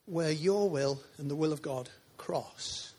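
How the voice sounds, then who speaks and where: A man's voice: a little high, slow, a little mellow, slightly rough. A man preaching a sermon in a church, chatty and informal, with asides to the congregation.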